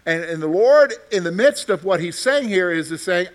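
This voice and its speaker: A man whose voice sits high and sounds expressive teaches a Bible study at normal speed. He draws the class into discussion with questions, repeats phrases, and constantly checks in by saying "okay?".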